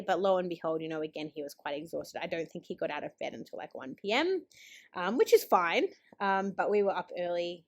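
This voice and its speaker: A woman, chatting casually as a planner vlogger, full of "um" and "like". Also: fairly low pitch. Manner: chatty, lots of fillers like 'um' and 'like'. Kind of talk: casual chat.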